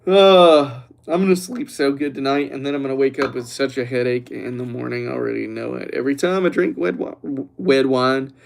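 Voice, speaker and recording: A young man hosting a livestream who chats loosely and teases the viewers while reading their comments aloud, relaxed after a few glasses of red wine. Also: mid-range voice, normal speed, vocal fry, hardly any pauses, slight background noise. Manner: joking, teasing, reads chat aloud. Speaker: livestream host. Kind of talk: casual livestream chat.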